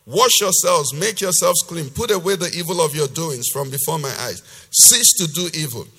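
A male pastor preaching a sermon, reading scripture loudly with force and then explaining it in a lower, conversational voice. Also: normal speed, husky. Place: church hall. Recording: long reverb of a church hall.

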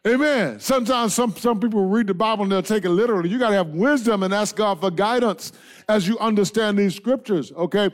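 Emphatic high-voiced preacher man. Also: brisk. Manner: emphatic preaching, swings between shouting and soft asides; punctuates with amen and all right. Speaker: pastor. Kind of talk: sermon.

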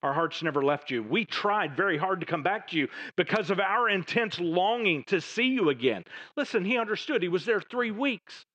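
A man preaching a sermon, moving between raised emphatic lines and hushed, low passages. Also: animated, moderate pace, few pauses, muffled recording. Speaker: pastor.

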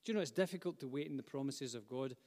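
A man's voice: medium pitch, very fast, darkish tone. A man preaching a sermon, speaking fervently and building to emphatic repetition. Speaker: pastor. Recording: long hall reverb.

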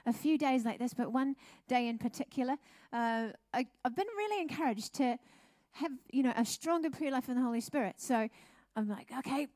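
Pastor's wife chatting thru her testimony, bubbly, bit high voice, laughs a lot. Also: brisk, few pauses, dry recording, studio quality. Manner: chatty, animated storytelling with laughs. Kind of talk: church testimony. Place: church service.

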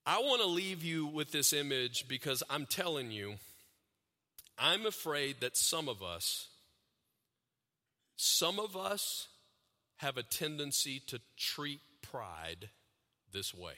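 A man preaching a sermon, talking to the audience with questions and repeated phrases, and growing louder and higher when he gets animated. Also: measured pace, long reverb tail. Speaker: pastor.

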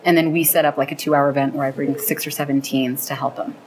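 A woman's voice: low voice, flat delivery, quick pace, a crowd in the background, rough recording. A woman being interviewed about the program she founded, telling stories earnestly and with enthusiasm. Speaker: founder of a program linking teens and seniors. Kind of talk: interview conversation.

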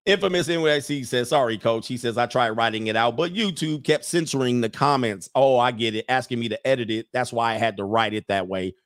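A man's voice: mid-range voice, a little fast, hardly any pauses, no echo, clean studio sound. A man hosting a casual livestream, reading chat comments aloud and riffing on them in a brash, joking way, laughing often.

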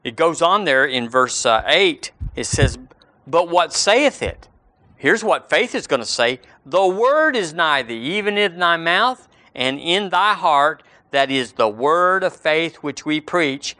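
A man preaching a sermon, slowing down for scripture and rising on key words. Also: fairly high pitch, animated, bright, forceful tone, no echo.

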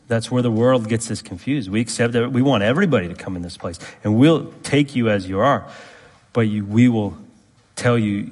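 Middle-aged pastor preaching, lowish voice, punchy emphatic delivery, big echoey church hall. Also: male voice. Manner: emphatic, rising to forceful peaks then dropping low. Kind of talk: sermon. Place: church sanctuary. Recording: long reverb of a church hall.

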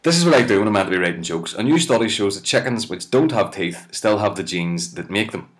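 A comedian reading web articles aloud with exasperated, sweary, mocking asides. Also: male voice, lowish voice, lively intonation, fast.

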